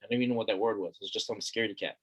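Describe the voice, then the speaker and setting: A man's voice: fairly low pitch, steady tone, very fast, breathy edge. Man, middle-aged, from Hawaii, interview guest, casual, earnest, repeats words. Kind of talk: casual conversation.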